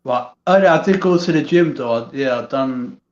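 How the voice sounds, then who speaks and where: A man's voice: mid-range voice, animated, normal speed, reverberant, dull audio. A man, talking in a casual chat on a call, often stumbling and restarting his sentences. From England. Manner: hesitant, many restarts and fillers. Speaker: guest.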